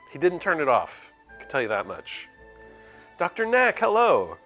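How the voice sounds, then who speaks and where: A man with a high, very lively voice chats through a live-streamed game, slipping into a mock-exasperated fatherly scolding of his viewers. Soft game music plays underneath. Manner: animated mock-exasperated fatherly role-play with chat. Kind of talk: casual live-stream gameplay chat. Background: faint game music.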